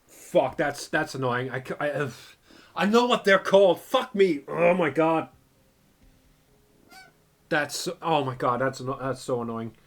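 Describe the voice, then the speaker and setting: An excitable young man reacting to a game in loose, casual commentary, cursing freely and tossing in "bro". His voice sits somewhat high for a man. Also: measured pace, pauses often. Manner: excitable, swears often, says "bro". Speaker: gaming video creator.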